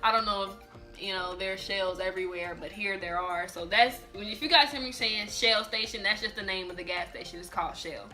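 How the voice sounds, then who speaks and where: A young woman telling a personal story in a casual vlog, animated and emphatic, often repeating and restarting her words. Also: mid-range voice, fairly quick, soft background music. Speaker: vlogger.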